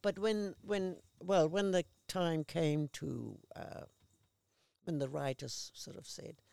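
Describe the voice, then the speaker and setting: A woman, a guest actress, telling lively anecdotes in casual conversation and acting out the people she quotes. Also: low-pitched, takes it slowly, creaky, no room sound. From Australia. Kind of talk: casual chat.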